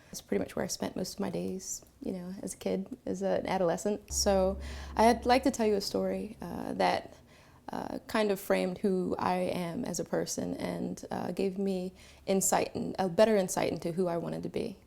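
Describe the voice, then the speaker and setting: Philly woman telling her own story, gravelly fry, mid pitch, lots of little uh pauses. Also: steady tone, dark tone. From Philadelphia, Pennsylvania. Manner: reflective, with frequent filler pauses. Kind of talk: personal storytelling to camera.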